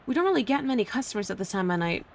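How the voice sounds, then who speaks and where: A woman reading out a friendly young antique shop clerk, chatty and slangy, easygoing everyday voice, mid pitch, game dialogue read aloud on a stream. Casual and warm-hearted in the way she explains things. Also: sing-song, very fast, vocal fry.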